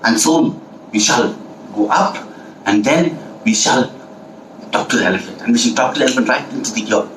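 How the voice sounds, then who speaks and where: Male storyteller, animated and repetitive, echoey room with faint hiss. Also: medium pitch, fairly quick, pauses often, recorded from a distance. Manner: playful, animated, heavy repetition, asks listeners questions. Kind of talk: oral storytelling for children.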